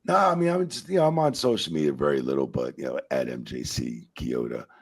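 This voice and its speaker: A man guests on a casual podcast and tells stories with lots of swearing. His voice is low, gravelly and husky, and it swings widely in pitch. The sound is dry and close. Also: brisk, dry recording. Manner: animated storyteller, swears freely. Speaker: guest, wrestling referee.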